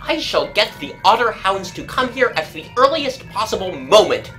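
A woman reading as an indignant gentleman of a country house, loud and worked up, in a storybook reading. He fumes at every loss, with a raised, lively voice. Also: lowish voice, moderate pace, soft background music, pitched above the performer's own voice. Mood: fuming. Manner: indignant, fuming. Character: agitated middle-aged country gentleman.

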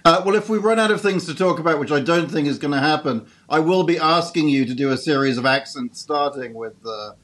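Male interviewer, slightly high pitch, playful and halting. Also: a bit bright. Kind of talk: interview questions.

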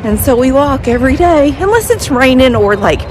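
A woman's voice: high-pitched, very animated, moderate pace. A woman chatting casually while she walks her dogs through the neighborhood. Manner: chatty, praises dogs in a sing-song voice. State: a bit out of breath after sprinting. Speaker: vlogger walking her dogs. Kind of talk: casual chat while walking. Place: outdoors on a neighborhood street. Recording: outdoor background noise.

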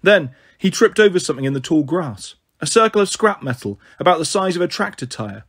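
A man reading a novel aloud as a narrator, in a steady, even storytelling manner. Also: fairly high pitch, brisk, slightly rough. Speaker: audiobook narrator.

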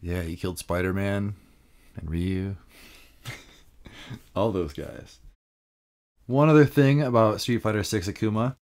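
A man's voice: lowish voice, takes it slowly, pauses often, a little mellow. A man co-hosting a podcast, chatting casually about fighting games with frequent laughs and loose filler words. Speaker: podcast co-host.

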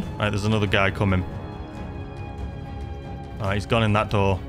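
A man's voice: fairly low pitch, level tone, normal speed, over music. A young man commenting on his own gameplay, talking to himself anxiously and exclaiming often. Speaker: gaming YouTuber.

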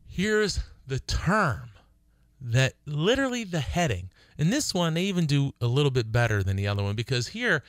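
A middle-aged attorney hosts a radio show, explaining lease terms emphatically and slowing down to read contract wording aloud. His voice is medium in pitch with a clean tone. The studio-quality audio has no echo.

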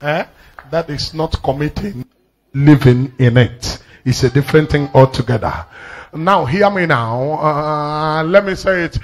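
A man's voice: on the high side, measured pace. A man preaching a sermon to a congregation, emphatic and repetitive, often asking the crowd questions. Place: church service before a congregation.

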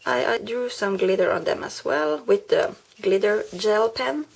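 Woman, card-making vlog, slow, husky, gravelly, searches for words. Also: medium pitch, animated. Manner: unhurried, pauses to search for words. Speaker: craft vlogger.

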